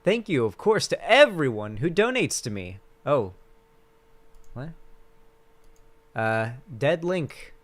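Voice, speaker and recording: Male streamer, mid-pitched, casual crude sarcastic banter to chat. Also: sing-song, takes it slowly, long pauses.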